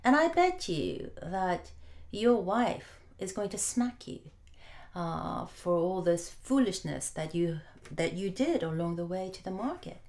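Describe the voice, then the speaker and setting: A woman preacher voicing a wealthy gentleman who mocks a farmer with doubt. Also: fairly low pitch, very animated, unhurried. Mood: mocking. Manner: mocking and doubtful. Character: rich, scoffing English gentleman.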